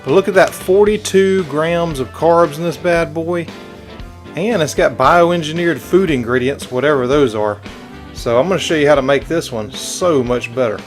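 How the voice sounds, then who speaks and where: A man's voice: a little high, normal speed, soft background music. A middle-aged man with a Southern American accent, demonstrating a recipe as the host of a cooking channel in a folksy, chatty way.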